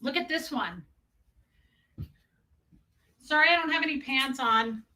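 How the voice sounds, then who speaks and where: A woman in her thirties chatting casually as a vlogger, self-mocking and prone to loud dramatic outbursts. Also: high voice, animated, measured pace. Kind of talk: casual chat.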